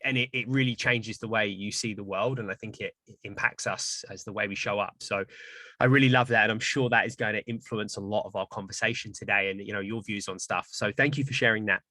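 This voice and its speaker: Male interview host, bright and keen, loose chatty delivery, dry recording. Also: lowish voice, fairly even intonation, brisk, dry recording. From not from Canada. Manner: enthusiastic, rambling with fillers. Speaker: podcast host. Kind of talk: casual interview chat.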